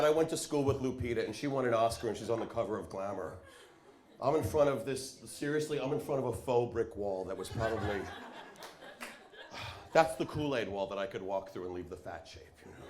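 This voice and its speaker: A man from Long Island doing a stand-up comedy set on a club stage, sardonic and animated as he tells stories. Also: mid-range voice, a little hiss or hum. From Long Island, New York. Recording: live club crowd laughing.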